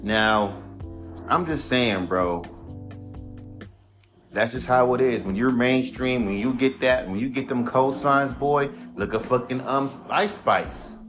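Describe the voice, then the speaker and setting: A man's voice: medium pitch, slow pace, a bit bright, soft background music. A man hosting his own podcast, a rapper ranting in a laid-back, rambling, profane way. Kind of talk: casual monologue.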